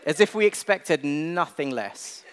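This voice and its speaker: A man's voice: a little high, expressive, measured pace, clear, resonant tone. Young male preacher, casual and self-deprecating, reverberant church hall. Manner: conversational, self-deprecating, with filler words. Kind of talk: sermon. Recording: long reverb of a large hall.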